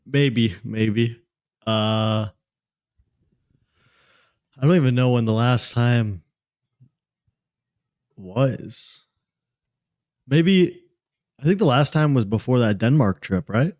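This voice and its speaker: A young man chatting on a podcast in a halting, easygoing way, full of pauses and fillers. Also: mid-range voice, darkish tone, dry recording, studio quality. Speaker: podcast co-host. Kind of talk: casual podcast chat.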